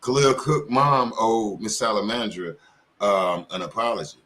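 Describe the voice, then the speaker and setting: A man's voice: lowish voice, normal speed, sharp tone. A man giving heated commentary as a show host, firing off rhetorical questions.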